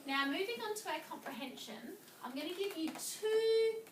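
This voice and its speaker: A woman teaching a reading lesson in a classroom, speaking slowly and clearly and drawing out words as she claps their syllables. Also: very high-pitched, lively intonation, far from the mic. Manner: slow, clear, drawn-out words clapped in syllables. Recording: echoey classroom recorded from afar, with noise.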